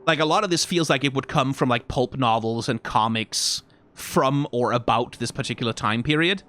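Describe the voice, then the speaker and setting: A man reacting to game character designs in casual, rambling commentary, full of fillers, restarts and sudden excited jumps. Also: normal speed. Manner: rambling, frequent fillers and self-corrections; animated, pitch jumps when excited.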